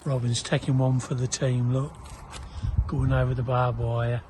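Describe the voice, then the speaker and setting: A man's voice: mid-range voice, level tone, unhurried, warm tone, a little hiss or hum. A man bantering and teasing his friend outdoors in a farmyard at night. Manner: teasing, joking.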